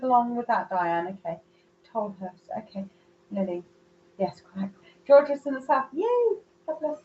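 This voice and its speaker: A woman's voice: fairly high pitch, a little mellow, muffled recording, slight background noise. A woman giving live psychic readings, chatty and rambling as she searches for words. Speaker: psychic medium.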